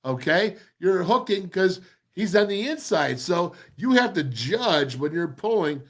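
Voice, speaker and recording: A man hosting a football show, breaking down game film with excited, emphatic commentary and lots of repeated phrases. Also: high-pitched, a little slow. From former offensive lineman.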